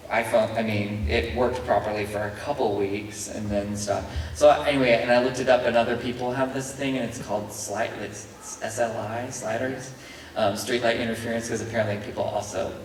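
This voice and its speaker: A man answering fan questions at a convention panel, rambling and self-deprecating with frequent chuckles. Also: medium pitch. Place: large convention hall. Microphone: handheld mic, heard from a distance. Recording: echoey hall from far off, noisy.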